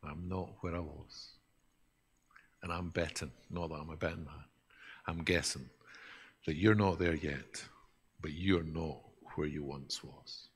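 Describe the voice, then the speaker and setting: A man preaching a sermon in an earnest, reflective way, often dropping to a soft hush. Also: extremely low pitch, fairly even intonation, a little slow, breathy edge. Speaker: pastor.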